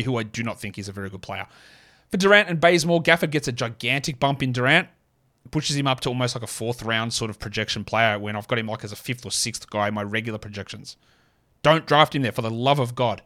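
A man's voice: mid-range voice, a bit bright. Opinionated man hosting a sports podcast. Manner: opinionated, quick asides, self-deprecating jokes. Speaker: podcast host. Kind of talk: solo fantasy basketball podcast.

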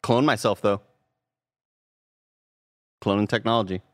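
A man's voice: on the low side, a little slow. A man co-hosting a casual podcast, reading viewer messages aloud and rambling through jokes while laughing often. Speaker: co-host reading viewer super chats.

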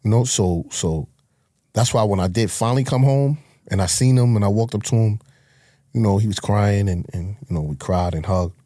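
A man from Harlem, New York, tells his life story as an interview guest, bluntly, profanely and emotionally. His voice is low and dark, recorded dry with studio quality.

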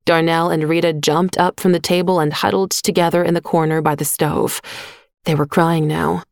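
Low-voiced woman narrating a story. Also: level tone, normal speed, gravelly, no echo, clean studio sound. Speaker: audiobook narrator. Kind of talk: scripted narration.

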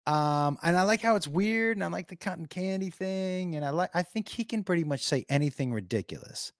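A man's voice: high-pitched, expressive, brisk, no echo, studio quality. Chatty man hosting a livestream. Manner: rambling, thinking aloud. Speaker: livestream host. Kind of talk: casual chat.

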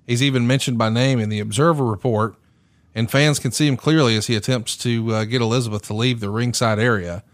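A man of middle pitch runs through a prepared history at an even, measured pace, with small fillers between points. His voice sounds close and dry, with no room sound. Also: dry recording. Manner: reads notes in a steady, measured way with fillers. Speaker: podcast host.

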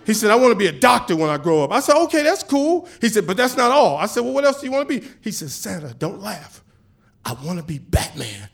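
A man telling a personal story on stage, animated and casual, acting out the dialogue. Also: very high-pitched, very fast, vocal fry, few pauses, slight background noise. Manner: animated, acts out dialogue with voices; casual, chatty with swearing.

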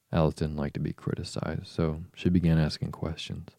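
A man slowly reading a story aloud to lull listeners to sleep. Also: a bass voice, creaky, no room sound. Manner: calm, unhurried. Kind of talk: slow bedtime reading.

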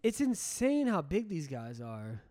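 A young man co-hosting a casual chat while watching an old football game, animated and quick to tell stories. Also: a little high, dry recording. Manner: animated, storytelling, laughs easily. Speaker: podcast co-host.

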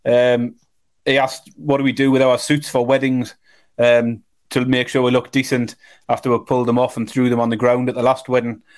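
A man's voice: mid-range voice, completely flat delivery, normal speed. A man co-hosting a betting podcast in casual chat, matter-of-fact with dry humor. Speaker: podcast co-host.

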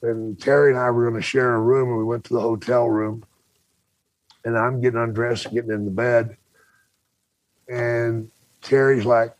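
An older man telling a rowdy story in casual chat, animated and swearing freely, acting out the people in it. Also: mid-range voice, dry recording. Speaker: podcast guest storyteller.

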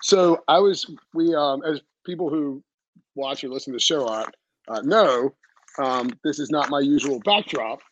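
A man hosting a sports podcast, chatting casually in a rambling, energetic way with lots of fillers and restarts. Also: mid-range voice, normal speed, highs cut off, slight background noise. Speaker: podcast host.

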